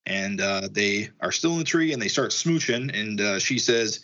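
A man's voice: on the low side, expressive, bright, forceful tone, dull audio. A man co-hosting a casual chat, reading comic dialogue aloud and commenting on it. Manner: reads character lines in a slightly raised, halting voice.

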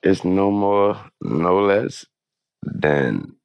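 A man with a very low, gravelly voice talks through a relaxed interview. His delivery is loose and rambling, and he often restarts his sentences and fills the gaps with fillers. He comes across as an easygoing guest. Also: drawn-out words, no room sound, dull audio. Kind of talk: casual interview talk.

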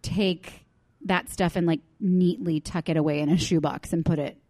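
A woman's voice: fairly low pitch, fairly even intonation, normal speed, warm tone, no room sound. A woman in her thirties co-hosting a podcast, telling stories in a chatty, self-mocking way. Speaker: podcast co-host. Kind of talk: casual chat.

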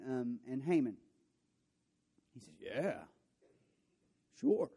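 A man's voice: mid-range voice, very animated, slow pace, vocal fry, long pauses, warm tone, breathy edge. A man preaching a sermon, retelling a story with playful voices for the characters and jokey asides. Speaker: pastor.

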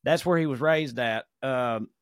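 A man's voice: mid-range voice, unhurried, clear, resonant tone, no room sound, clean studio sound. A man with a Southern American accent, co-hosting a podcast and telling rambling, profane, jokey stories in casual chat. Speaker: podcast co-host.

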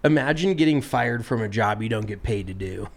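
A man co-hosting a podcast, telling a story in a casual, animated and profane way, sounding exasperated. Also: fairly low pitch, fairly quick, gravelly. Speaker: podcast co-host.

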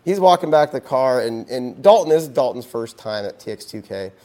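Guy rambling through a story on a podcast, lots of you know and like, mid pitch. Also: lively intonation, a little fast, warm tone. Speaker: podcast guest. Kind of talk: casual storytelling.

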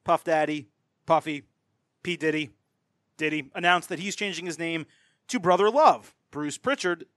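A man hosting a casual chat, briskly setting up topics and putting questions to his co-hosts. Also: a little high, fairly bright tone, no room sound, studio quality. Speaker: podcast host.

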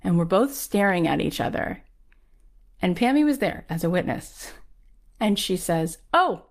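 A woman guest recounts a personal story in an unhurried, expressive voice on the low side, gravelly and a little mellow. Her telling is chatty and full of "like," and she acts out the people she quotes.

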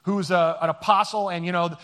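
Pastor guy, high-ish voice, jokey rambly sermon talk. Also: fairly even intonation, brisk, fairly bright tone. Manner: joking, rambling, chatty with many fillers. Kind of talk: conversational sermon.

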